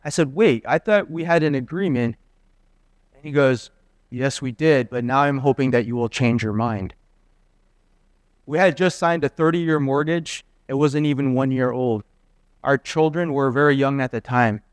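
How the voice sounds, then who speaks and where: A man's voice: mid-range voice, normal speed, no room sound. A middle-aged man preaching a sermon, telling personal stories and acting out the dialogue. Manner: earnest storytelling, quoting dialogue in lively voices. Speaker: guest preacher.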